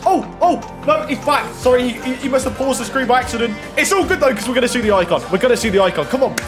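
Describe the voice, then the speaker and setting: A man's voice: extremely high pitch, fast, music in the background. A young man giving casual running commentary while opening game packs. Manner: running commentary, rising to excited shouts. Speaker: FIFA pack-opening YouTuber.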